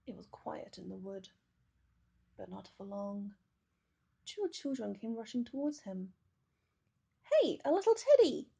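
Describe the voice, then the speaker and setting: A woman reading a children's picture book aloud, with gentle, measured storytelling. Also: mid-range voice, gravelly, breathy edge. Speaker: storybook reader.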